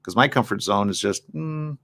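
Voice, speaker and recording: A man's voice: medium pitch, very animated, brisk, a bit bright. A man hosting a morning show, talking candidly and reflectively in a personal monologue, often asking rhetorical questions.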